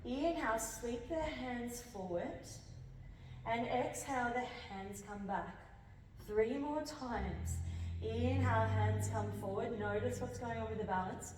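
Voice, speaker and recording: A woman with a fairly high voice guides a yoga flow, calling breaths and counting down each hold. She sounds a little out of breath from moving along with the class. The voice is heard from a distance across a large echoey room, with a faint hiss behind it. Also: measured pace. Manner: calm cueing with counted holds, breathy while moving. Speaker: yoga instructor. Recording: echoey hall from off-mic.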